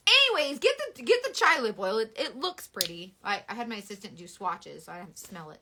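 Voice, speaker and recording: A woman's voice: mid-range voice, fairly quick, vocal fry, few pauses, a little hiss or hum. A woman in her thirties chatting casually and animatedly on a live beauty stream. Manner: animated, dramatic, Southern US sayings. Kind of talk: casual chat.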